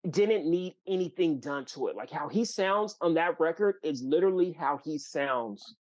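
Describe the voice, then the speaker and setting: Brief: male guest from California, slightly high voice, chatty storyteller, lots of "like" and restarts. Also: moderate pace. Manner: loose and animated, many fillers and restarts. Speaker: guest musician. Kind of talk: casual storytelling.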